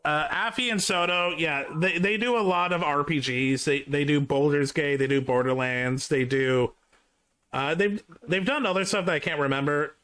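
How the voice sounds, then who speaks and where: A man's voice: a little high, moderate pace, fairly bright tone, smooth. A young man hosting a reaction live stream, chatting casually and rambling with restarts. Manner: rambling, with frequent restarts and filler.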